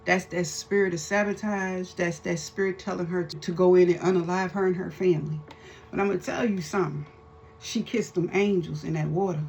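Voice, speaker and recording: A woman's voice: lowish voice, steady tone, brisk, a little mellow, a little hiss or hum. A woman hosting a faith-based commentary vlog, talking to her viewers in a fervent, preacher-like way. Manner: addresses viewers as y'all. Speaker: host.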